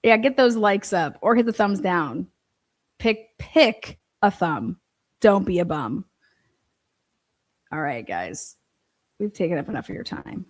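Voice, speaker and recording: A woman's voice: lowish voice, expressive, unhurried, pauses often. A woman runs a casual livestream, reading out viewer comments and answering them. She talks bluntly and swears often, sounding fired up and direct. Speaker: livestream host.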